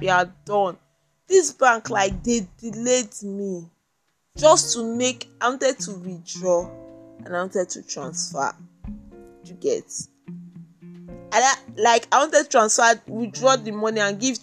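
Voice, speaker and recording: A woman's voice: a little high, fairly bright tone. A young woman with a Nigerian accent hosting her own podcast, talking in a rambling, chatty way full of "like", just after waking up. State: just woken up. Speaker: podcast host. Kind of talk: casual solo podcast monologue.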